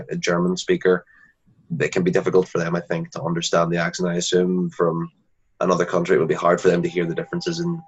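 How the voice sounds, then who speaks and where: This interview guest has a low voice with a breathy edge. Chatting casually and earnestly, he frequently starts his sentences over, all captured in a dull lo-fi recording.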